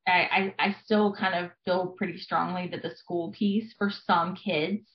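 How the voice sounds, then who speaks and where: A woman's voice: lowish voice, fairly even intonation, unhurried. A woman in her thirties, a family therapist, explaining things earnestly in a conversational interview with frequent fillers. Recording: echoey, dull lo-fi sound.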